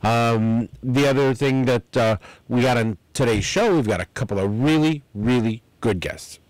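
A man's voice: mid-range voice, no echo, rough recording. A male radio host talking about the outdoors in a casual, rambling way, reading out sponsors and a phone number. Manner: chatty, rambling, repeats the phone number slowly. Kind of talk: live outdoors radio talk. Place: radio studio. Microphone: studio microphone.

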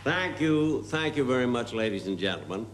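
A man telling a slow, deadpan comic story as a guest comedian on a TV variety show, full of pauses and asides. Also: medium pitch, a loud crowd. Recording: hissy 1970s TV broadcast recording.

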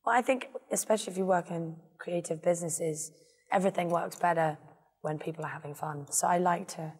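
A woman's voice: lowish voice, steady tone, a little fast, a little mellow, husky, in a large hall. A woman in her twenties, the guest in a casual interview, rambling with lots of fillers. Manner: rambling, filler-heavy, self-deprecating.

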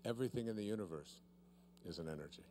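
Deep-voiced man leading a seminar demonstration. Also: lively intonation, dark tone, slight background noise. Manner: playful, teasing, drawn-out emphasis. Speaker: seminar speaker. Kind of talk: live seminar talk with a demonstration. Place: seminar room with live audience. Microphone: handheld mic held by a volunteer.

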